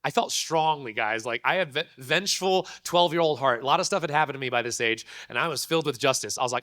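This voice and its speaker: A man, a convention panel guest, telling a story to an audience in an animated, laughing way full of slang. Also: mid-range voice, fast talker, dry recording, studio quality.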